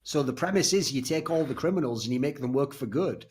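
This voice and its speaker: A man co-hosting a casual podcast, telling stories and making jokes in an animated way. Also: medium pitch, quick pace, breathy edge. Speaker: podcast co-host.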